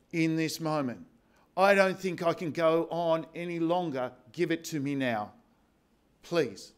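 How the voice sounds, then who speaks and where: A man preaching a sermon as pastor, slow and emphatic with repeated phrases. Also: a little high. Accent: Australian.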